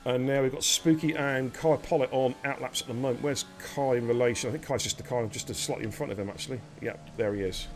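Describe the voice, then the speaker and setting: A man's voice: medium pitch, fairly even intonation, fast talker, few pauses, music in the background. A man giving live sim racing commentary, chatty and bantering with viewers and his co-host. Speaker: race commentator.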